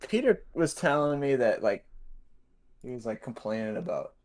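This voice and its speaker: A man's voice: medium pitch, very animated, normal speed, a little mellow. A man hosting a podcast, chatting casually with an offhand, teasing manner. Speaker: podcast host. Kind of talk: casual chat.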